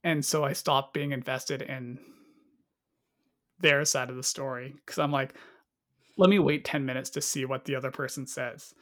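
A man's voice: medium pitch, fairly even intonation, moderate pace, pauses often, fairly bright tone. A man chatting casually about a movie, rambling and cutting himself off, acting out lines in quotes. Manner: rambling, self-interrupting, acts out quotes. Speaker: movie reviewer. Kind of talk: casual podcast chat.

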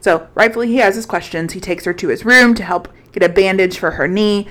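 A woman's voice: medium pitch, brisk, a bit bright. A woman co-hosting a podcast, telling a book recap in a casual, rambling way with plenty of swearing and filler words. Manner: profane, rambling storyteller with many fillers. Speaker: podcast co-host.

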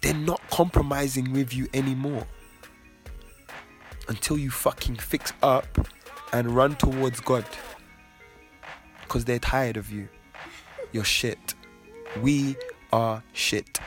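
Podcast host, mid-pitched, preachy and profane, faint music behind. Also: male voice, fairly even intonation, takes it slowly, long pauses. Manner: preachy, profane, emphatic ranting. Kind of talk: casual podcast chat.

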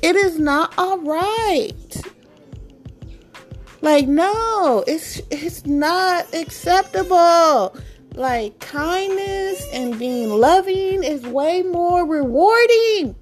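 A woman's voice: very high-pitched, expressive, drawn-out words, soft background music. A woman vlogging in a casual chat, dramatic and exasperated, repeating herself and laughing often as she talks. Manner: laughs often while talking.

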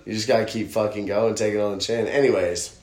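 A man's voice: lowish voice, steady tone, fast, a little mellow, echoey room. Profane, rambling man telling stories. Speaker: podcast host. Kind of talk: casual storytelling chat.

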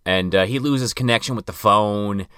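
A man's voice: lowish voice, normal speed, pushed and bright, clean tone, dry recording, studio quality. A man co-hosting a casual podcast, recapping a film with wry comments and laughter. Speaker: podcast co-host. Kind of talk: casual chat retelling a film.

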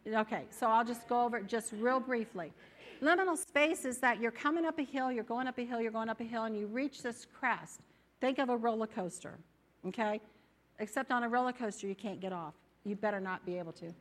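A woman preaching a sermon in a church, animated and conversational, often acting out the doubts of her listeners. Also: fairly high pitch, fairly quick. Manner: animated, acts out inner voices.

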